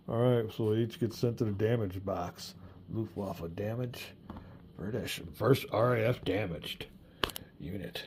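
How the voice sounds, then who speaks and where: A man's voice: lowish voice, a little slow, heavy background noise. A middle-aged man narrating his solo board wargame, chatting and thinking aloud as he rolls dice. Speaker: board game player and channel host. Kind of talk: solo wargame playthrough commentary.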